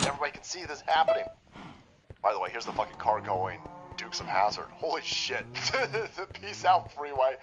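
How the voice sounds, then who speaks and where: A man's voice: mid-range voice, big pitch swings, fairly quick, highs cut off, over loud music. A man hosting a livestream, giving profane, sarcastic political commentary as he reacts to clips. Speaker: stream host.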